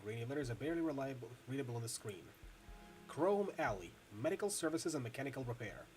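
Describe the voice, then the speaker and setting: A man narrating a video game's text aloud, steady and descriptive with occasional slips. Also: mid-range voice, fast, soft background music. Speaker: narrator reading a video game.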